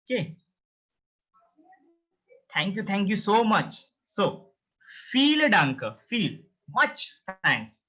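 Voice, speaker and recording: Slow, animated male teacher. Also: sits high, breathy edge. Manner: patient, repeats words many times for drilling; explains pronunciation step by step. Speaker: language teacher. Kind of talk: beginner language lesson. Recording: dull lo-fi recording.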